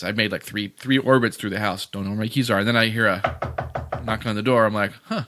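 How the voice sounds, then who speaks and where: Bright-voiced man telling a story. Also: lowish voice, fairly quick. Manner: animated storyteller, acts out his own panic. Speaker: podcast co-host. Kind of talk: casual chat.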